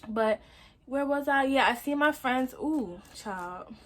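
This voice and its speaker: A young woman tells a story into her phone at home. She is animated and slangy and talks straight to her viewers in an easy storytime chat. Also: high voice, takes it slowly. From Brooklyn, New York. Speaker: vlogger. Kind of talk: casual storytime.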